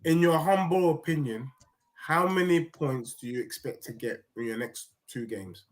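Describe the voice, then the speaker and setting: A man's voice: a little high, moderate pace. A male guest pundit in a casual football debate, teasing his host with pointed questions.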